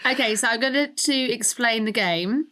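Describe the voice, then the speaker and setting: A woman's voice: a little high, normal speed, very noisy. Woman producer hosting a quiz. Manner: clear, orderly quizmaster delivery. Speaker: podcast producer running a game.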